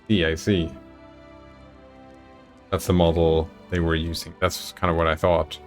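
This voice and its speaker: Low-voiced man reading a text adventure aloud. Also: flat delivery, a little slow, pauses often, soft background music. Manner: casual, reads narration and chats with viewers. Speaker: streamer.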